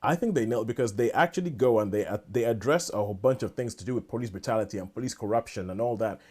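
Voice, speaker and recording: A man's voice: fairly low pitch, fast talker, a little mellow. A man co-hosting a casual podcast chat, rambling and enthusiastic, often restarting his sentences. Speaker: podcast co-host.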